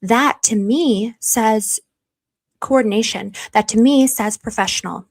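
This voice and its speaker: Woman, livestream host, casual commentary, chatty, reads viewer comments, gushing, average pitch. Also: gravelly. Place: warm room at home.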